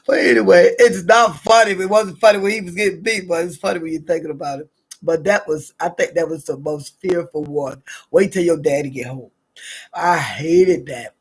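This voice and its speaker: A middle-aged woman from the American South talks in a chatty, drawling Southern accent. Her voice is gravelly and husky, with a rough texture. She rambles warmly through stories and laughs often. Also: lowish voice, normal speed. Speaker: vlogger. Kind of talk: casual morning chat and storytelling.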